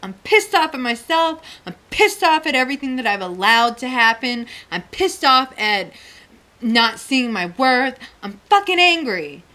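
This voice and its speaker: Her voice sits high, bright and forceful, with a sing-song lilt and an unhurried pace. She's a middle-aged talk show co-host frankly recounting a personal story, laughing often and swearing freely.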